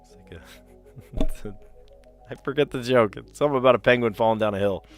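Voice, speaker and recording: Hosting a live stream of word puzzles, a man with a light New Jersey accent chats and rambles, reads the chat aloud, and laughs often. He speaks a little fast at medium pitch, with faint music behind him.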